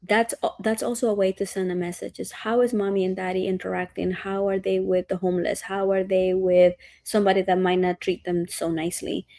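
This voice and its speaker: A woman in her thirties co-hosts a podcast, sharing earnest parenting stories in casual conversation and acting out the quotes. Her medium-pitched voice is level and mellow, a little fast with hardly any pauses, recorded without echo.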